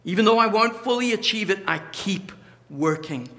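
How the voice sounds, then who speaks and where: Male pastor, sermon, high bright voice, emphatic, slows for stress, church hall with long reverb. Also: lively intonation. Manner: emphatic, varied delivery with slow stressed phrases.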